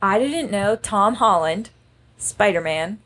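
A woman in her twenties co-hosting a podcast, chatting in an animated, exclamatory and self-mocking way. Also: mid-range voice, slow, slight background noise. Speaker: podcast co-host. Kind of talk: casual chat.

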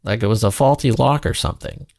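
A man's voice: mid-range voice, fast, creaky, darkish tone, dry recording, studio quality, close to an everyday voice. A man voicing a sad, proud male lion in a storybook, speaking in a tired, blunt way. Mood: weary.

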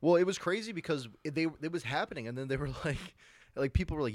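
A man's voice: on the high side, animated, fast, dry recording, studio quality. A young man with a Philadelphia-area accent, telling stories animatedly in casual chat, laughing often and full of fillers.

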